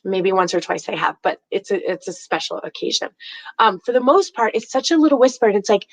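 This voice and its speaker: A woman hosting a live stream, telling stories in a chatty, animated way and giving psychic readings to callers. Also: on the high side, brisk, no echo, rough recording. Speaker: host and psychic reader.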